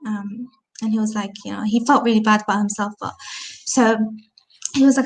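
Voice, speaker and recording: A woman's voice: on the high side, fairly quick. A British woman telling her personal story as an interview guest, hesitant with many restarts, livening up when she quotes people. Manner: hesitant, many restarts and "you know", animated when quoting others.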